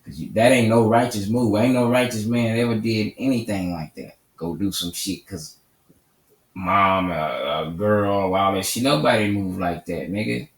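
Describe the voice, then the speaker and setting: A man's voice: fairly low pitch, normal speed. Profane, combative man ranting in a roomy echo. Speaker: commentary channel host. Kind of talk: angry commentary rant. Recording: roomy echo, mic at a distance.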